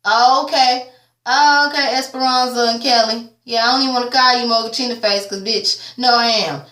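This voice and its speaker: A tired woman giving a sassy, casual TV episode recap, swearing freely and jumping up in pitch when she quotes the characters. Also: little pitch movement, fairly quick, pushed and bright. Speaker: TV recap vlogger. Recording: echoey room.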